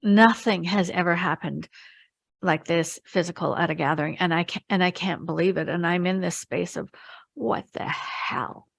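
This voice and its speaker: A middle-aged woman, a spiritual healer, telling a personal story in an interview, earnest and halting, with many restarts and quoted thoughts. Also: fairly low pitch, steady tone, vocal fry, dry recording. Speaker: interview guest, spiritual healer and retreat leader.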